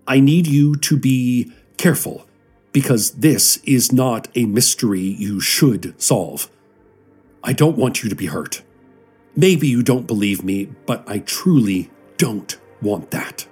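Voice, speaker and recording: A man's voice: medium pitch, lively intonation, slow, a little mellow, slightly rough, faint music behind, pitched above the performer's own voice. A man voicing an earnest brother pleading with his sister, his voice raised and strained.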